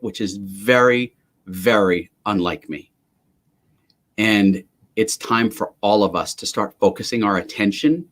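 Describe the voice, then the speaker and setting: A man hosting a motivational live stream, talking emphatically in an energetic, ranting way. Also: fairly low pitch. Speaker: livestream host. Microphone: webcam or computer mic on a live stream.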